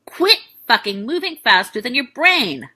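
A woman's voice: fairly high pitch, big pitch swings, a little slow, bright, forceful tone, slightly rough, voice pushed up, full character voice. A woman voicing a tough woman operative who gives curt, profane orders. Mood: snarling. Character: tough, blunt woman operative, hard and commanding.

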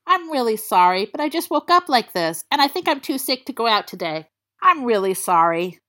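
A woman doing a sick teen boy with a stuffy rough voice. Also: on the high side, very animated, normal speed, pushed and bright. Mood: miserable, croaky. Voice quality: rough, congested. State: sick with a cold.

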